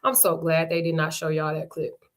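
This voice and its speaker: A woman's voice: low voice, monotone, moderate pace. A young adult woman, a reality show cast member, talking frankly and rambling through an unscripted livestream with casual swearing.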